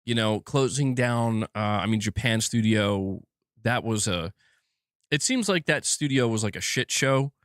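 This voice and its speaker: A man hosting a gaming livestream, ranting in an excitable, self-mocking way and swearing often, restarting his words as he gets worked up. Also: on the low side, unhurried, no room sound, studio quality. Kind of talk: live commentary rant. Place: indoor room at home.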